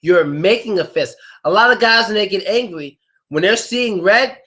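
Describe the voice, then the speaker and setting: Animated, joking man teaching idioms. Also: normal speed. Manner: joking, animated, acts out quotes in loud high voices. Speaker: English teacher. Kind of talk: lively idiom lesson to a live class.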